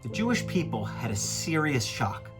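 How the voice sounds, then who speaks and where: A man's voice: medium pitch, very animated, moderate pace, over music. A man giving a friendly, enthusiastic talk to children as a guest teacher.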